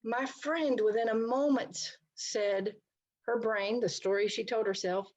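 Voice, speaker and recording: A woman's voice: a little high, fairly even intonation, unhurried, darkish tone, low-quality recording. A middle-aged woman counselor giving an online talk, speaking conversationally and addressing her listeners directly. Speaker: licensed counselor presenting a talk. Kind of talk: online presentation to a society.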